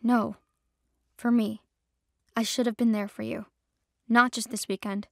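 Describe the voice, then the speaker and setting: A woman voicing an apologetic young man who speaks softly and slowly, almost whispering. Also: fairly high pitch, little pitch movement, gravelly, no echo, clean studio sound, heavily acted. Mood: remorseful. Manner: hushed, apologetic, slow. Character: remorseful young man, loyal guard, soft-spoken.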